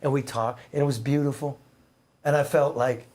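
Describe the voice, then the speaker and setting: Husky middle-aged man telling stories. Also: mid-range voice, fairly even intonation, moderate pace, darkish tone. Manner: rambling, heartfelt, with restarts and bursts of emphasis. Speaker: guest, former newspaper reporter. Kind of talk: conversational storytelling.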